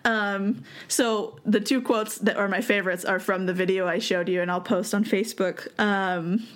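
A young woman talks through a story in a relaxed, chatty way. She laughs often and leans on fillers like "um" and "like" as she goes. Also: medium pitch, normal speed. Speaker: podcast host telling the story. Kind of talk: casual chat.

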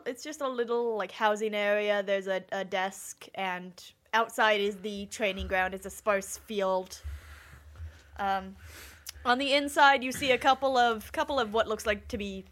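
A woman acting as game master sets the scene for her players. She talks in a halting way, pausing on ums and restarting her phrases as she goes. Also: medium pitch, fairly bright tone. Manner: halting, filler-laden description. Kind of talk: narrating a tabletop game.

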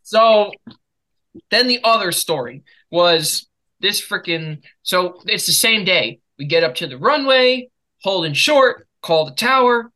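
American guy rambling on a podcast, swears constantly, bright voice. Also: high voice, lively intonation, a little slow, rough recording. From United States. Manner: swearing, laughing storyteller. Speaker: podcast host. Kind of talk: casual chat.

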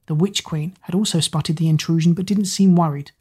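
A woman narrating a dramatic fantasy story aloud in a steady, dramatic way. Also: fairly low pitch, brisk, slightly rough. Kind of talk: storybook reading.

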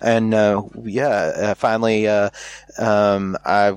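A man's voice: fairly low pitch, level tone, takes it slowly, smooth, no echo. An American man telling a candid story in casual chat, rambling with many fillers and restarts. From United States.

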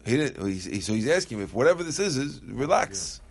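A man's voice: medium pitch, sing-song, a little fast, gravelly. Man teaching Talmud in a casual way. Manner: conversational, questions the text aloud, answers students. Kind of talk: Talmud class, mixing Aramaic and English.

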